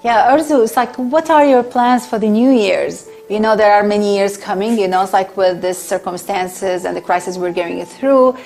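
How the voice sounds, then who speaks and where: A woman co-hosts a talk show and asks a guest a loose, rambling question. Her voice is gravelly at a middle pitch. Faint music plays behind her. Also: normal speed, few pauses, a little mellow. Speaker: co-host. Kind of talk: interview question.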